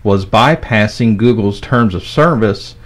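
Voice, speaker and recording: A man's voice: fairly low pitch, measured pace. Plain-spoken man explaining tech. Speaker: podcast co-host. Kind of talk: casual explaining.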